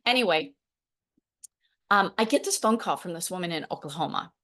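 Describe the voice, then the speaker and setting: A woman in her forties hosting a podcast, telling stories with lively laughs and acted quotes. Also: lowish voice, moderate pace. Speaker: podcast host, program founder. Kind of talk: solo podcast talk.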